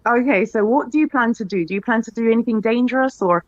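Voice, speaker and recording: A woman hosting a livestream, answering a caller in a deadpan way and reading out chat comments. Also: on the high side, fast, no echo, highs cut off. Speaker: livestream host.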